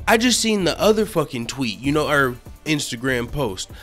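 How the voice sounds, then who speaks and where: A man's voice: medium pitch, moderate pace, soft background music. A man hosting a casual MMA news channel, cursing a lot and laughing often as he talks. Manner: profane, laughs often, excitable. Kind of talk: casual commentary vlog.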